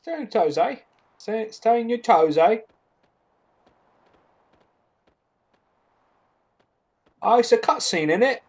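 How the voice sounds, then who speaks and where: A streamer putting on a mock Cockney accent to play a brash young girl adventurer, loud and exaggerated. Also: mid-range voice, expressive, fairly quick, voice pushed up.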